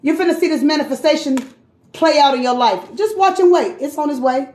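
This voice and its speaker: A high-pitched woman runs a loose, chatty tarot reading, cursing freely and calling her listener queen and sis. Her voice echoes around the room as she talks. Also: brisk, darkish tone, slight background noise. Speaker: tarot card reader. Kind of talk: casual live tarot reading.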